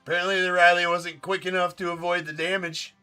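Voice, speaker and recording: Joking card break host, bright voice. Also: male voice, high voice, level tone, fast, clear, resonant tone, soft background music. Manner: casual, joking, swears offhand. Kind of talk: live-stream card break commentary.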